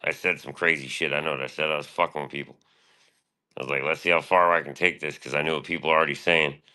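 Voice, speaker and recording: A man with an extremely low voice rambles through a casual stream monologue, boastful and full of swearing. His tone has a bright, forceful edge despite the depth. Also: steady tone, quick pace.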